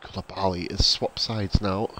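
A man commentating casually on his own football video game, excitable, swearing now and then, and chatting to viewers. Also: low-pitched, normal speed, slight background noise. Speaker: gaming YouTuber.

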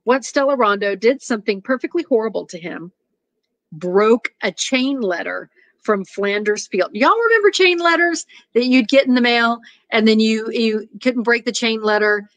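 A woman's voice: on the high side, moderate pace, no room sound. A woman reading a short story aloud, with chatty asides to her listeners. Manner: animated, laughs at the story. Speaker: reader.

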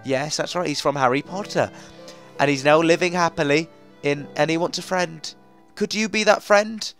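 A young man commentating a video game as he plays, chatting to himself, coaxing and easily frustrated, with sudden bursts of excitement. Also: fairly high pitch, normal speed, faint music behind. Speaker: gaming commentator. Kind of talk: let's play commentary.

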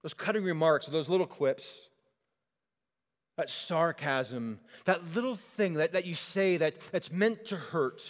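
Male pastor, slightly high voice, casual storytelling sermon, long church-hall reverb. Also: a little slow. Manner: conversational, animated storytelling with acted quotes.

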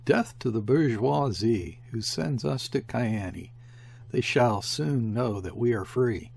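A man's voice: medium pitch, lively intonation, slow pace, creaky, a little mellow. A man reading the part of a desperate, bitter convict who is rowing a boat. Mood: fierce.

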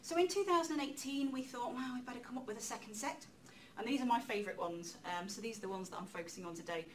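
Woman lecturer, lively chatty talk, distant mic, faint room noise. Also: fairly high pitch, quick pace. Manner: lively, chatty, self-deprecating asides. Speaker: public lecturer. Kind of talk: public talk on outreach.

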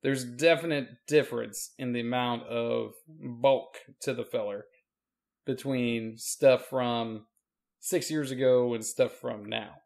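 A man's voice: mid-range voice, steady tone, takes it slowly, vocal fry, a little mellow. A man who is a pastor and podcast co-host, chatting casually with dry, teasing banter. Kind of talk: casual chat.

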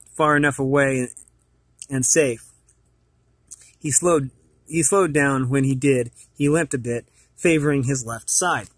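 A man's voice: a little high, fairly bright tone, no echo. A man reading a children's book aloud as host of his channel, hesitant, with many fillers and repeated words.

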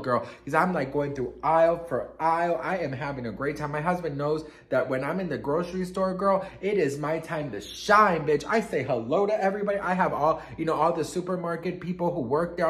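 A man telling a casual gossip storytime on his vlog, sassy and expressive, swearing freely and calling the viewer "girl". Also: fairly high pitch, reverberant. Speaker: vlogger.

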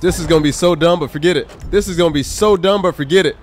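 Guy streaming a cop game, kinda high voice, joking and shouting out chat. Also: fast, a little hiss or hum. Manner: playful, joking, thanking viewers. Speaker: gaming livestreamer. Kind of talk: live game commentary and chat shout-outs.

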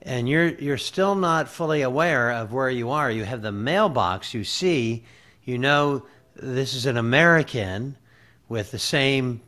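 Slow, measured male interview host. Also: medium pitch, lively intonation, bright, forceful tone. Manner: measured, thoughtful, with "uh" fillers.

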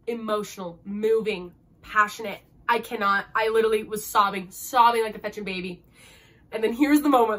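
A woman's voice: medium pitch, fairly even intonation, fast talker. Gushing young woman reviewing a book. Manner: gushing, emotional, heavy use of "like". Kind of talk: casual book review vlog.

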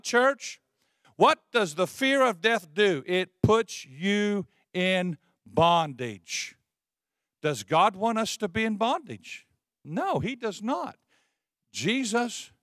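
Man preaching, call-and-response, high bright voice, dry close sound. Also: expressive, dry recording. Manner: call-and-response preaching, leads the congregation in repeating phrases; reads scripture slowly with emphasis. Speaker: pastor. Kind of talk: Easter sermon. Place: church sanctuary.

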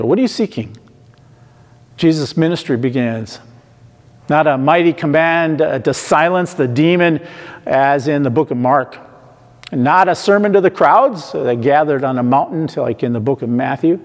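A man preaching an online sermon in a church, slow and emphatic, repeating questions to the listeners. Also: mid-range voice, a little mellow. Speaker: pastor. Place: church sanctuary. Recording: long hall reverb.

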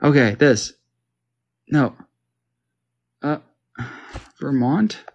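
Playing a map quiz game, a gamer from Canada mutters casual commentary to himself, puzzled and joking along the way. His mid-range voice is expressive and a little mellow, he speaks very slowly, and the audio sounds dull.

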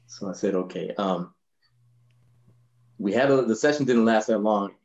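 A man in his sixties, a bass player, telling anecdotes in a relaxed, laughing way, often saying "you know". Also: measured pace, dull audio. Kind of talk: anecdotal storytelling in a panel.

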